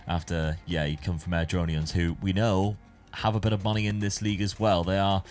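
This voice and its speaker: Male gaming host, chatty and self-correcting, slightly low voice. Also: little pitch movement, brisk, darkish tone, faint music behind. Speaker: gaming YouTuber. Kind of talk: casual gameplay commentary.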